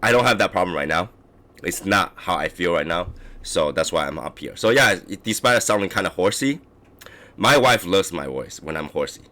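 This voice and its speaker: A man with a very deep voice, roughened into hoarseness, chatting loosely as a cigar stream host. He keeps clearing his throat and restarts his sentences as he talks. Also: pushed and bright. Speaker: livestream host reviewing cigars. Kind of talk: casual rambling chat.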